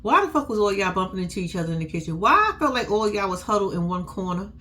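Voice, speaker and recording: A woman giving a blunt, sassy, profane recap of a reality show in casual chat, with AAVE features in her speech and big pitch swings when she quotes people. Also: very animated, fast talker, pushed and bright.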